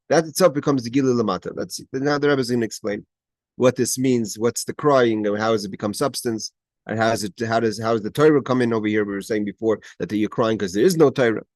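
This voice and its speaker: Medium-pitched and fairly quick, a Torah teacher speaks over a video call in a dry recording. His class on a Chassidic text moves phrase by phrase, Hebrew first and then translation, broken by restarts and emphatic rising questions.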